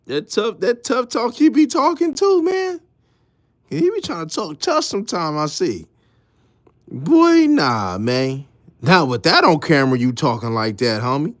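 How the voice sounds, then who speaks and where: Brief: male host, fairly high voice, slow easy delivery, laughing banter, dry room. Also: big pitch swings, a bit bright, dry recording. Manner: laughing, joking slang-heavy banter. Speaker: show host. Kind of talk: casual sports chat.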